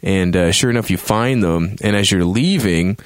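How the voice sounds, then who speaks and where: A low-pitched male voice, recorded close and dry with no room around it. He recaps a game in a loose, rambling way, peppering it with swearing and jumping into raised voices for reactions. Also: normal speed, clear, resonant tone, no echo. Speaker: host reviewing a video game. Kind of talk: casual spoken review.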